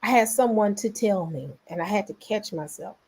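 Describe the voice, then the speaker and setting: A woman's voice: mid-range voice, moderate pace, breathy edge. Southern woman chatting casually. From Memphis, Tennessee. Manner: animated, rambling, talks to viewers. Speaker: vlogger host. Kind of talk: casual commentary vlog.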